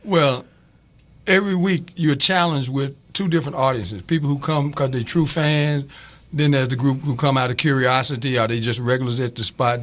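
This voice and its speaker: A man co-hosting a talk show, asking the host measured questions to prompt his stories. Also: medium pitch.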